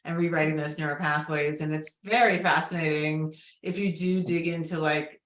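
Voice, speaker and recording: A woman hosts a conversational podcast in a soft-spoken, fairly low voice. She fills her sentences with "you know" and "like", and her voice carries a roomy echo. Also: fairly even intonation, normal speed. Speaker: podcast host and women's coach. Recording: echoey room.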